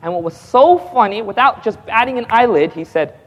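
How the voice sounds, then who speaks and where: A man preaches his testimony in a church hall, his fairly high voice trailing off into a long reverb. He tells the story with lively energy, acts out each exchange with a chuckle, and keeps asking the crowd for an "amen.". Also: a little fast, lo-fi sound, noisy background. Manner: lively storytelling, acting out dialogue with frequent chuckles; calls out to the audience for responses. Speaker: evangelist.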